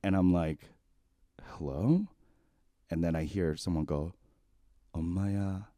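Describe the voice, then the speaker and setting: A man's voice: low voice, brisk, smooth, no room sound, clean studio sound. A man around forty co-hosting a podcast, telling a personal story in a rambling, casual way full of "like". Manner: rambling, heavy use of "like", animated, then quiet and shaken. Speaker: podcast co-host.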